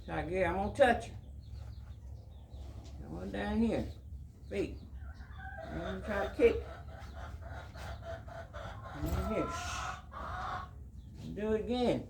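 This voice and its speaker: A man, a horse trainer talking casually through his work in a soft, hushing, calming voice, outdoors. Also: sits high, takes it slowly, gravelly, pauses often, reverberant, background noise. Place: outdoors at a horse pen with farm birds.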